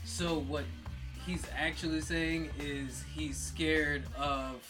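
A man's voice: fairly high pitch, steady tone, slow, a bit bright, soft background music. A man co-hosting a podcast in casual banter, joking and arguing. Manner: joking, argumentative. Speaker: podcast co-host.

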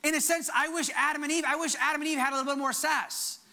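A male pastor preaching a conversational sermon, breaking off and restarting his sentences and jumping up high when he acts out quoted lines. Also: fast, creaky. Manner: animated, voice jumps high when acting out quotes; conversational, self-interrupting.

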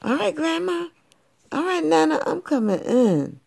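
Parent putting on a sassy lil girl in a red hood, sing-songy, gravelly low voice. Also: sing-song, a little slow, darkish tone, exaggerated voice. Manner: sing-song, sassy backtalk.

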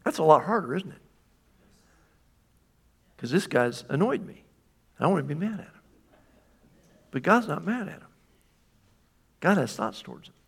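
A man's voice: on the high side, sing-song, moderate pace, creaky, long pauses, husky. Conversational male pastor preaching. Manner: conversational, asks the congregation questions. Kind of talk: sermon.

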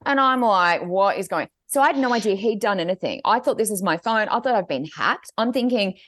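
A woman co-hosting a podcast tells a story in a casual chat. Her pitch swoops widely as she acts out the quoted voices. The sound is dry and close. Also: fairly quick, dry recording. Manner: animated storytelling, acting out quotes. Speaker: podcast co-host.

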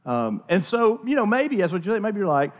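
A male pastor preaching in a relaxed, conversational way, stumbling over restarts and repeating words as he goes. His voice sits a little on the high side for a man, and he speaks from a church. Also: fairly quick, lo-fi sound. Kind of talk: sermon.

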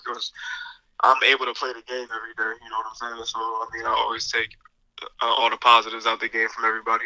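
A man, a basketball player, answering interview questions in a relaxed way with many fillers. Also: medium pitch, no echo, low-quality recording.

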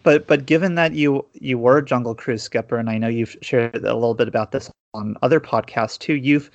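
A man's voice: mid-range voice, brisk, no room sound. Hesitant male podcast host on a dull dry mic. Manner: hesitant, repeats words as he frames questions. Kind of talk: casual interview questions.

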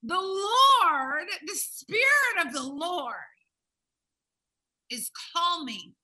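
A woman preaching a sermon with emphatic stresses, swinging from loud, ringing peaks to hushed, low tones. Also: sing-song, very slow, rough recording.

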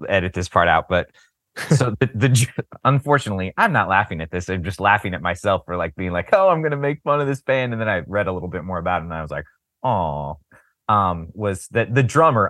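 A man's voice: deep voice, fairly bright tone, no room sound, studio quality. A man co-hosting a casual music podcast, telling jokey stories and often laughing. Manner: joking storyteller, laughs often. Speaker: podcast co-host. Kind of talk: casual chat.

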